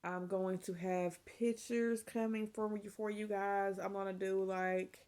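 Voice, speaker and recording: A woman's voice: medium pitch, level tone, measured pace, darkish tone. A middle-aged woman, chatting casually and emotionally to her vlog audience. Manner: chatty and emotional, saying y'all. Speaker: vlogger. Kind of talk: casual chat to camera.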